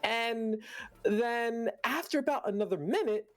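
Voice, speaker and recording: A vtuber guest on a stream who tells a story in a casual, animated way and laughs often. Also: mid-range voice, measured pace.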